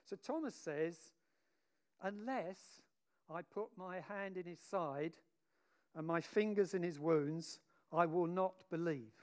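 Conversational male preacher, fairly high voice. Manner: conversational and animated, voicing the disciples. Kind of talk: sermon.

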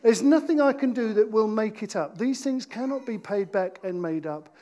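A man preaching an interactive sermon in church, playful with his volunteers and slowing down to stress key points. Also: high voice, expressive, dark tone. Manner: playful, slows down for emphasis.

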